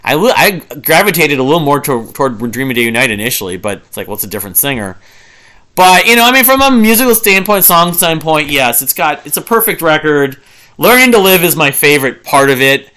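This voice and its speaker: A man in his forties talks through his favorite albums in a loose, rambling monologue, trailing off into fillers and restarts. His voice is bright and forward, and he often breaks into humming a riff to make a point. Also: on the high side, very animated, brisk. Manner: hums and sings riffs to illustrate. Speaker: music reviewer. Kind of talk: casual album review monologue.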